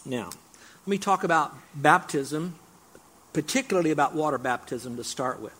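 A middle-aged male pastor preaching an expository sermon, animated, with voiced asides and emphatic repetition. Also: a little high, normal speed, husky.

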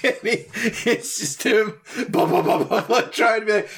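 A man's voice: high-pitched, normal speed, vocal fry, a little hiss or hum. A man co-hosting a podcast in casual chat, telling a story animatedly and acting out other people and sound effects. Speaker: podcast co-host.

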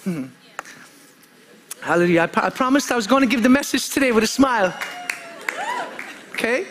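A man's voice: very high voice, animated, normal speed, fairly bright tone, a faint crowd, slight background noise. A male preacher giving a fervent sermon, calling out for amens and often repeating himself and restarting his sentences. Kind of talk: impassioned sermon.

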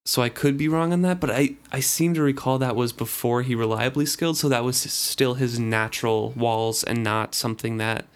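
A man's voice: mid-range voice, normal speed, few pauses, smooth. Man reading aloud and chatting. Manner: recaps and reads passages in first person. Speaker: book podcast co-host. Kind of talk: casual book discussion and reading aloud.

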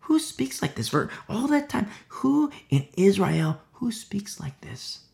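A man's voice: high voice, sing-song, slow, vocal fry, darkish tone. A man preaching a conversational sermon, full of fillers and acted-out quotes, at times dropping to a whisper. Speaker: pastor.

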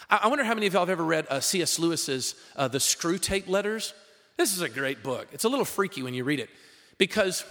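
A man preaching a sermon in a lively, conversational way, with frequent rhetorical questions to the congregation. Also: a little high, in a large hall. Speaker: pastor.

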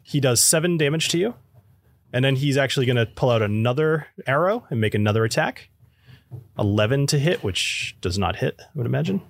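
A man's voice: medium pitch, fairly quick, gravelly, no echo. Laid-back male game master. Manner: relaxed, laughs often, searches for words. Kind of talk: running a tabletop game.

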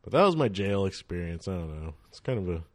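A man's voice: deep voice, sing-song, fast talker, darkish tone, no echo. A man from northern California, a guest telling laid-back, slangy stories with frequent laughter in a casual chat. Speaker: podcast guest, DJ.

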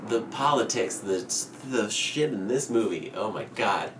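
Lively man in an echoey room. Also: fairly low pitch, measured pace. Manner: animated, swearing, laughing, acting out characters. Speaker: podcast co-host. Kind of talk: casual chat recapping a movie. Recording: roomy echo, distant mic, faint background noise.

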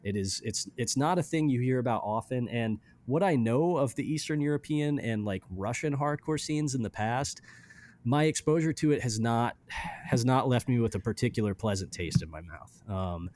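A man co-hosting a casual music podcast, rambling with many restarts and trailing off quietly. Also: medium pitch, lively intonation, normal speed. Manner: rambling, restarts often, drops quiet at ends of thoughts. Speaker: podcast co-host reviewing music. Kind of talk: casual chat.

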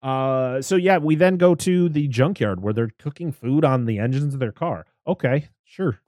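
A man's voice: medium pitch, normal speed, darkish tone, dry recording. A man co-hosting a podcast, chatting casually about a film, rambling and acting out characters' lines. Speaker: podcast co-host. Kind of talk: casual film review chat.

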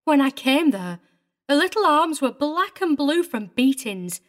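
Unhurried but vehement and tearful, a middle-aged governess voiced by a woman speaks in an audiobook drama. Her slightly high voice wavers with agitation, though she remains primly proper even when upset.

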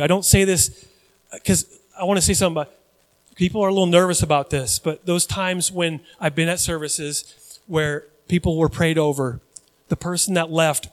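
A man's voice: fairly high pitch, fairly even intonation, a little fast, in a large hall. A man preaching a sermon in church, conversational with dramatic rises and personal asides. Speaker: pastor.

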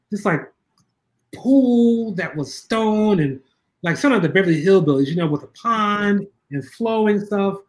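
A man with a notably high voice, chatting as an interview guest. He tells his stories casually and animatedly, laughs often, restarts his sentences, and slips into other people's voices when he quotes them. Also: a bit bright. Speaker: guest filmmaker.

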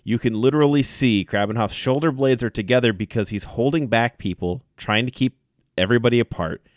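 A man co-hosting a casual sports podcast, telling events in an animated way with many fillers. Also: medium pitch, brisk, dry recording, clean studio sound. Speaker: podcast co-host.

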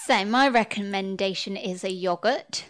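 A woman's voice: mid-range voice, moderate pace, fairly bright tone. A woman co-hosting a podcast, wry and easygoing in casual chat. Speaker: podcast co-host.

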